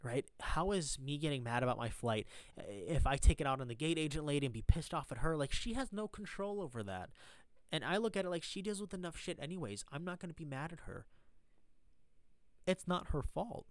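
A man's voice: a little high, lively intonation, brisk, no echo. A man talking through a motivational monologue in a casual vlog, earnest and rambling, often tagging his points with a question. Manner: earnest, rambling, keeps asking "right?". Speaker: vlogger sharing a mindset talk. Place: stranded at an airport after a cancelled flight.

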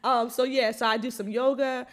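A woman co-hosting a casual chat, easygoing and talkative, with relaxed slang. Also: on the high side, moderate pace.

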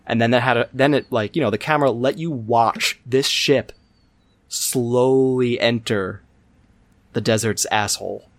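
A man's voice: medium pitch, fairly quick, hardly any pauses, no echo. A man co-hosting a podcast in casual chat, blunt and wry with crude humor. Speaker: podcast co-host.

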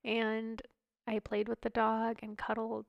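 A woman's voice: on the high side, monotone, a little slow, vocal fry, no room sound, highs cut off. A young woman co-hosting a podcast with her husband, chatty and stuffed up, running out of breath as she talks. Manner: chatty, laughs often, runs out of breath. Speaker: podcast co-host. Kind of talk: casual chat. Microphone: close studio mic.

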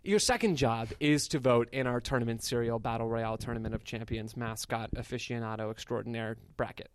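A man's voice: mid-range voice, fairly quick, clear, resonant tone, dry recording. A young man co-hosting a casual comedy podcast, playful and rambling, fond of mock-grand phrasing. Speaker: podcast co-host.

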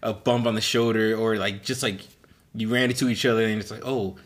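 A man's voice: on the low side, steady tone, a little fast. A young man co-hosting a podcast, chatting casually and rambling, full of restarts and laughter. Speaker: podcast co-host. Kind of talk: casual chat.

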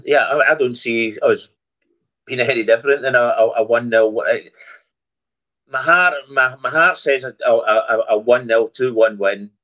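A Scottish man, a podcast guest, talking in a halting way with many restarts. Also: medium pitch, sharp tone, low-quality recording. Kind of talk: casual football podcast chat.

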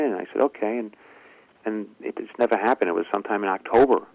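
A man's voice: mid-range voice, fast talker, vocal fry, no room sound, highs cut off. A man, a ventriloquist and comedian, telling a long story in an interview and acting out the lines of the people in it. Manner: lively anecdotal telling, acts out quoted dialogue.

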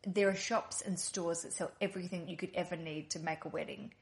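A woman's voice: lowish voice, fairly even intonation, fairly quick, gravelly. A woman hosting a podcast, chatting in a rambling, reassuring way. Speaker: podcast host. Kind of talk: casual chat.

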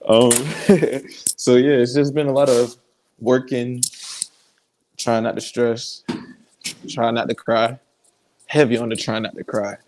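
A man with an average-pitched voice joins a podcast chat while walking around at work. He sounds a bit winded as he talks things through in a reflective way. His pauses and light laughs keep the tone relaxed. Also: a little hiss or hum. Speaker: podcast co-host.

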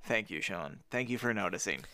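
A man's voice: on the low side, lively intonation, a little fast, bright, forceful tone, smooth. A man co-hosting a casual podcast, reading a book aloud with jokey asides and big put-on voices. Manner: jokey, goes big on voices and sound effects. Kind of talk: casual chat and playful read-aloud.

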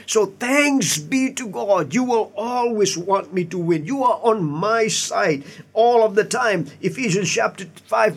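A man's voice: sits high, husky. A man, a pastor, preaching an earnest sermon with emphatic asides and repeated words. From Indian heritage.

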